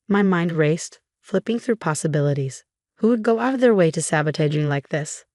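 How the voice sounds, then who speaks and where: Low-voiced woman narrating a dramatic story. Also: moderate pace, darkish tone, no echo, studio quality.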